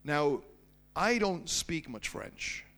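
A man preaching, telling a personal story in an animated storytelling manner and slowing down for emphasis. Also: on the high side. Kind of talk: sermon storytelling.

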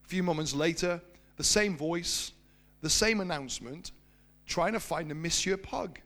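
A man preaching, telling a personal story in an animated storytelling manner and slowing down for emphasis. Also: fairly high pitch. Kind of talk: sermon storytelling.

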